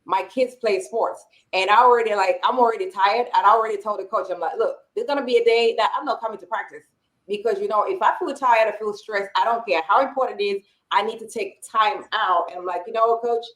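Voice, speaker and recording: A woman's voice: medium pitch, fast, fairly bright tone, low-quality recording. A woman in her forties, a podcast co-host, telling a personal story in casual chat and acting out what people said to her. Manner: candid personal storytelling, acting out quoted remarks.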